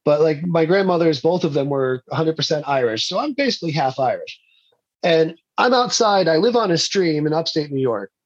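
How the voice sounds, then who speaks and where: A man's voice: a little high, animated, a little fast, dull audio. A man, an indie filmmaker, telling rambling stories in a casual interview and laughing often.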